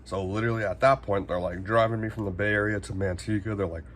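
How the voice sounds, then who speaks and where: A man's voice: on the low side, fairly even intonation, quick pace, a little hiss or hum. A man, telling a casual storytime in a rambling, slangy way, swearing freely and saying "like" constantly. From Northern California. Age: 20s. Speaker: vlogger.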